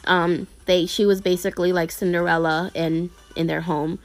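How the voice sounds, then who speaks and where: Speaking at normal speed in a level, lowish voice, an anime video creator rambles through a story for her audience, restarting sentences and using lots of fillers. The sound is dry, with no echo.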